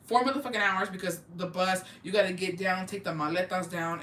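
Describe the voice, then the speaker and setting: A woman's voice: fairly low pitch, fairly even intonation, brisk, few pauses, a bit bright, slight background noise. A woman telling a casual storytime vlog, blunt and heavy on swearing, dropping Spanish words into her talk. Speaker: vlogger. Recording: echoey room, mic at a distance.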